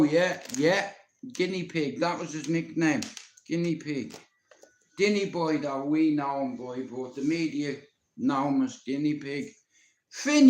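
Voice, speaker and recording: A man with a Dublin Irish accent and a high voice spins a rambling story for his livestream viewers, swearing freely and talking right at them. He sounds blunt and unpolished. The sound bounces around an echoey room. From Ireland. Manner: profane, blunt, talks directly to viewers. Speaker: livestream host. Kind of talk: rambling storytelling to a live audience.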